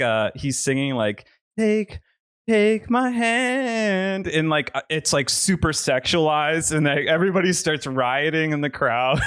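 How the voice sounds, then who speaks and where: A man's voice: a little high, fairly bright tone, clean tone, dry recording, studio quality. A man co-hosting a podcast, chatting casually about a movie, rambling and laughing often as he restarts his sentences. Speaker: podcast co-host.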